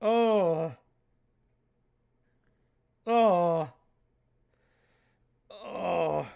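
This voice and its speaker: A woman's voice: on the low side, extremely slow, creaky, dull audio. A woman streamer playing a visual novel live, reading its text aloud and ranting in exasperation about its grammar, often swearing. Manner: reads game text aloud in a flat voice. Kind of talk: live-streamed game playthrough with commentary.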